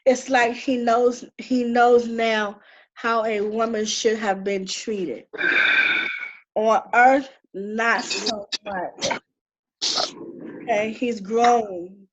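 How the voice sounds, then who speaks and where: Woman medium for a reading; bright, lively delivery, dull lo-fi recording. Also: on the high side, drawn-out words, long pauses. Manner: animated, exclamatory, laughs often, relays messages. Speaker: spiritual medium and coach. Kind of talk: live spiritual reading session. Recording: dull lo-fi sound with faint noise.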